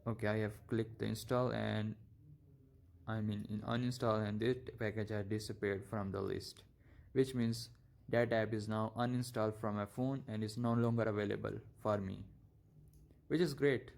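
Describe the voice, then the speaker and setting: Low-voiced man walking through a tutorial. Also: flat delivery, vocal fry, a little mellow. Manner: casual, halting, narrates each step. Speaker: tech tutorial host. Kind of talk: screen-recorded software tutorial.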